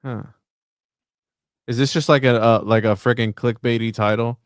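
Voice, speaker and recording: Smooth-voiced man reading aloud, dry sound. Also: mid-range voice, steady tone, dry recording. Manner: halting reading with wry asides. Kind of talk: casual chat, reading an article aloud.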